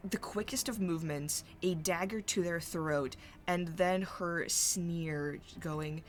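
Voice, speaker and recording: A woman narrating a tabletop role-playing game as game master, halting and searching for her words as she describes scenes. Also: lowish voice.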